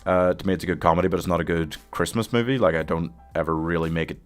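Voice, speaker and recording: A man's voice: deep voice, fairly even intonation, fast, smooth, faint music behind. A man hosting a live stream, chatting casually, giving opinions and reading viewer comments aloud, laughing often. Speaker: streamer host ranking films.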